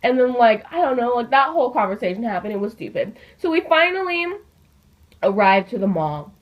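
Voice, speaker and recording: A teenage girl vlogger telling a story in a chatty, animated way, peppered with fillers. Her voice sits a bit high. The recording is dull and lo-fi. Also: fairly quick. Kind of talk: casual storytime.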